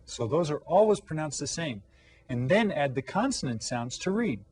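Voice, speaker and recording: Husky encouraging male teacher. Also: fairly high pitch, very animated, moderate pace, a little mellow. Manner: patient, encouraging, asks questions. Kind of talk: classroom lesson for children.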